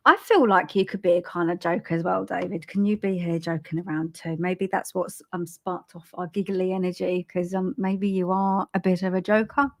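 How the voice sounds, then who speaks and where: A British woman giving live spiritual readings on a stream, speaking gently with many ums and restarts. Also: lowish voice, fairly even intonation. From Britain. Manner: halting, full of ums and restarts, gentle and soothing. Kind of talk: live-stream psychic reading, casual and chatty.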